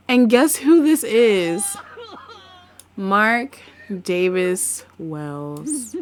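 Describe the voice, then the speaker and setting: Woman, game host, casual commentary, animated, rambling, flustered. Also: mid-range voice, slow. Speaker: gaming video host.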